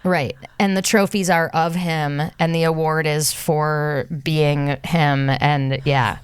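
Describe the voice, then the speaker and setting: A woman's voice: low voice, fairly even intonation, slow, smooth, dry recording. A woman hosting a podcast interview, riffing playfully, laughing and thinking aloud. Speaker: podcast host. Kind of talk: casual interview chat.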